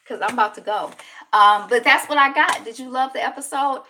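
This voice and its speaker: Bright-voiced woman recapping a TV episode. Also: a little high, fairly quick. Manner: animated, chatty storytelling with many fillers. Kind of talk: casual spoken recap.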